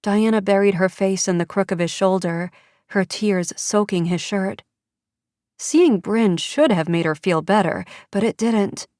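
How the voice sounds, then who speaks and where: A woman narrating an audiobook in measured, even storytelling. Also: mid-range voice, no room sound, clean studio sound. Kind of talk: scripted narration.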